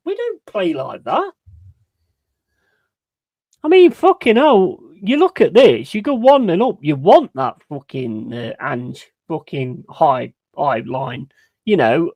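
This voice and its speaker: A fairly high-pitched man, very animated yet unhurried, is recorded dry. Doing live watch-along commentary of a football match, he rants in frustration, swears heavily, and banters with viewers, giving shout-outs.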